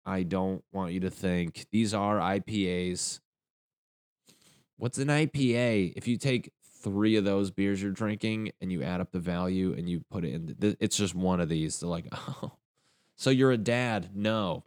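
Young guy doing raunchy standup, deep voice, dry close sound. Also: normal speed, darkish tone, no room sound. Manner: crude, rambling, jumps into silly voices. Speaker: stand-up comedian. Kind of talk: stand-up comedy rant.

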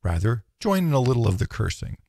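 A man reading a philosophical text aloud in a measured, solemn, declaiming way, close to the mic. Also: mid-range voice, sing-song, gravelly, warm tone, no echo. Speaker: narrator.

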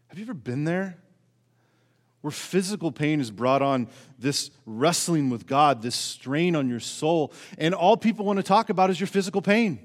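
In a church sanctuary, a male pastor preaches earnestly, posing rhetorical questions to the congregation and shifting between raised emphasis and hushed, low passages. The sermon recording carries a long hall reverb.

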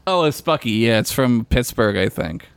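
Male podcast co-host, rambling, lively pitch, dry close sound. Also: normal speed, clean tone, dry recording. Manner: rambling, heavy on fillers like "like". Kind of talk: casual chat.

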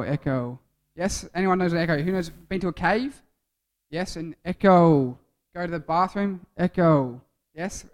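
A man preaching to a youth group in a playful, joking way, quizzing the audience by name. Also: sits high. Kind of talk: interactive youth sermon.

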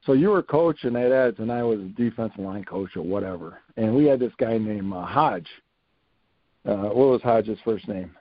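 An older man, a retired coach appearing as a podcast guest, tells stories animatedly in a casual interview, repeating phrases for emphasis. His voice is fairly low with lively intonation at a normal speed, and the recording is dry and dull.

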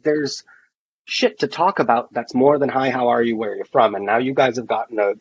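A man's voice: mid-range voice, normal speed, slightly rough, muffled recording. A man chatting casually as a podcast guest, telling long rambling stories full of fillers and acted-out dialogue. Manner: rambling storyteller, many fillers and quoted dialogue. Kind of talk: casual chat.

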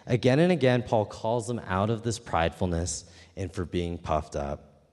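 A man's voice: lowish voice, normal speed, darkish tone. A man preaching a sermon, telling a personal story in an earnest, emphatic way. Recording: long hall reverb.

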